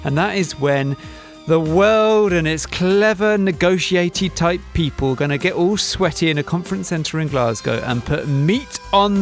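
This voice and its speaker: A man co-hosting a weekly podcast, chatting in a playful, bouncy way full of wordplay. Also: mid-range voice. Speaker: podcast co-host. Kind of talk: casual banter.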